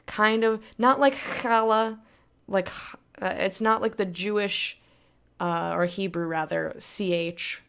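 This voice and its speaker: A woman's voice: mid-range voice, measured pace, gravelly, a bit bright, clean tone. A woman giving a casual, rambling spoken lesson on pronunciation, chatty and full of fillers. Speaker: language tutor.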